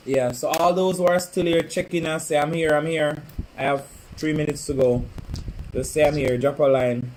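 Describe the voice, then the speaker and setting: A man's voice: fairly high pitch, steady tone, moderate pace, darkish tone, slight background noise, low-quality recording. A man chatting casually on a home live stream, teasing and calling out to viewers by name. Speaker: livestream host. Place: home, indoors.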